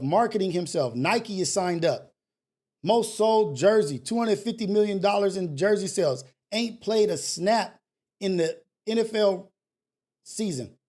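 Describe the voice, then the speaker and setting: This high, slightly mellow male voice belongs to a call-in talk show host. His casual motivational rant is blunt and emphatic, packed with slang, swearing, and constant repetition.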